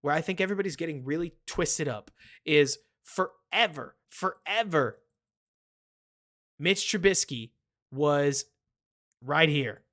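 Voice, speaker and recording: A man hosts a live sports stream in a fairly high voice. He rambles from point to point and answers viewers by name. His delivery stays animated and casual. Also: unhurried, long pauses. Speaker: host of a live football stream.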